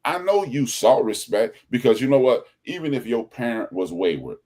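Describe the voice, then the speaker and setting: A man hosting a podcast in casual chat, telling stories in an animated way and acting out the people he quotes. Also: medium pitch, moderate pace. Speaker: podcast host.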